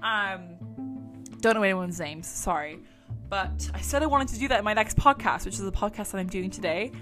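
A woman's voice: mid-range voice, moderate pace, music in the background. A woman hosting a true crime podcast, chatting casually with a rambling, sweary manner. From England. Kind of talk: casual chat.

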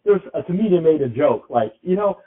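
A man's voice: on the high side, lively intonation, a little fast. A man co-hosting a podcast, talking in a loose, rambling way with many restarts. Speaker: podcast co-host. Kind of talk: casual podcast chat. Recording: tinny phone-like sound.

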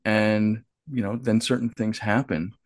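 A man's voice: fairly low pitch, steady tone, a little slow, no echo, studio quality. A man, an author and artist, talking candidly as a podcast guest, plainspoken and profane, acting out the voices in his head. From United States. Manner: frank and profane, with quoted inner dialogue and restarts. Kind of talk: candid conversational storytelling.

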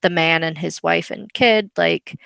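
A woman's voice: lowish voice, unhurried, vocal fry, clean tone, no echo. A woman co-hosting a book podcast, chatting casually and emphatically. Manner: emphatic, expressive. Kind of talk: casual chat.

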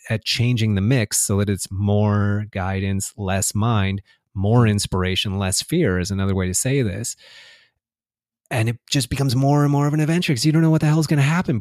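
A man's voice: on the low side, a little mellow, no echo, clean studio sound. A man talking reflectively in a casual spiritual conversation, laughing often and restarting his sentences.

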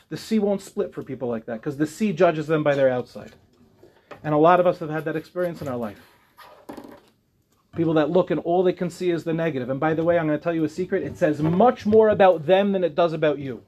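A man in his forties, a rabbi giving an animated Torah class to young women in a classroom, acting out quoted voices with humor. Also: fairly high pitch, a little fast. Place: classroom before an audience.

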